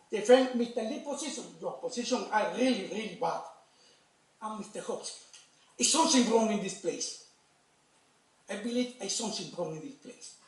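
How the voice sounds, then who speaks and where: A man from Cuba with a Cuban Spanish accent, speaking up with passion in broken English during public comment at a city meeting. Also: very high voice. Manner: broken English, impassioned, repetitive. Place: city commission meeting hall. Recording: echoey council chamber, distant mic.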